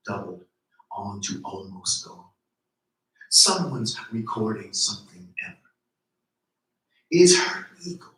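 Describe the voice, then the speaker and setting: A man's voice: fairly low pitch, pushed and bright, distant mic. Man reading poetry in an echoey room. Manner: slow, deliberate, rhythmic delivery. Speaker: poet reading his work.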